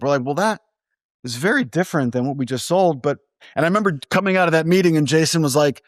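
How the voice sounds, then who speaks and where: A man's voice: on the high side, fast talker, dry recording, clean studio sound. A man, a film producer, telling casual stories in an interview and acting out quoted dialogue. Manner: animated anecdotes with quoted dialogue.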